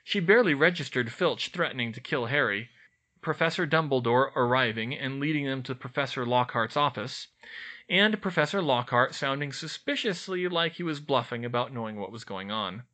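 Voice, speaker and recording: Audiobook: male narrator, animated, bright tone, expressive read. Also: mid-range voice, moderate pace.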